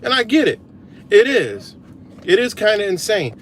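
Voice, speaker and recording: A man's voice: high-pitched, moderate pace, slight background noise. A man hosting a casual livestream, ranting with lots of profanity and answering viewer comments. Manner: profane, animated, talks back to comments. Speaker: livestream host.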